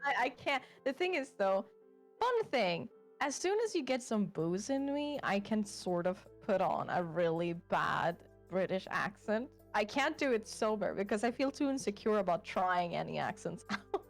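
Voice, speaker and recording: A woman guest in a casual chat, animated and giggly, a little self-conscious. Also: medium pitch, moderate pace, soft background music.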